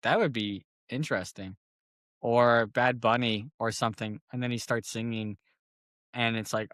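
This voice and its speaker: A man of middle pitch, hosting a comedy podcast. He tells stories in a loose, casual way and often breaks into laughter. The sound is dry and close, with no room around it. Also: normal speed, no echo. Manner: animated storytelling, laughs often.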